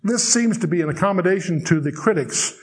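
A man teaching the Bible verse by verse, reading scripture slowly and solemnly, then explaining it in chatty, wry asides. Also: high voice, lively intonation.

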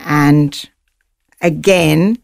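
A woman's voice: deep voice, fairly even intonation, extremely slow, gravelly, a little mellow, no room sound, studio quality. A woman guest on an interview show, vividly retelling her own survival story. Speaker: guest, author.

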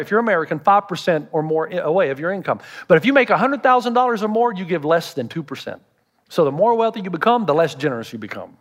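A man's voice: sits high, a bit bright. A man preaching a sermon as a pastor, telling stories and acting out the voices of the people he quotes. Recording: reverberant hall.

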